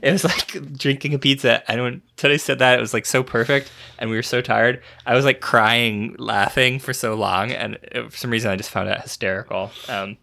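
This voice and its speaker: A man's voice: mid-range voice, fairly even intonation, a little fast, gravelly, hardly any pauses, sharp tone. A man co-hosting a podcast, telling a funny trip story with lots of "like" and giggles. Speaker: podcast co-host. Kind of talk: casual chat.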